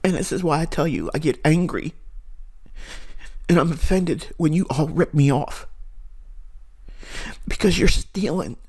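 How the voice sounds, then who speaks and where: A man's voice: a little high, animated, a little slow, long pauses, a little mellow, husky. A middle-aged man speaking as a trading mentor, giving an earnest, preachy, emphatic monologue to his viewers.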